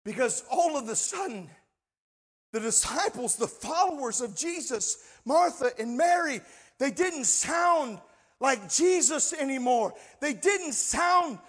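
High-voiced man preaching with passion. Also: expressive, slow pace. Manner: impassioned preaching, swinging between shouting and hushed asides. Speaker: pastor. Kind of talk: sermon.

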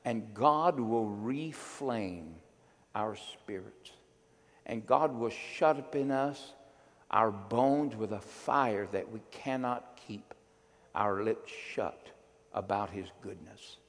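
A man's voice: fairly low pitch, big-room sound. A male pastor praying fervently from the pulpit, drawing out his pleading phrases. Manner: fervent, drawn-out pleading prayer. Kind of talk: sermon and prayer.

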